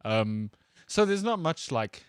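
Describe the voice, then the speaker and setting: A young man co-hosting, playful and quick to laugh in casual studio banter. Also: medium pitch, very animated, clean tone, dry recording. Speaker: co-host.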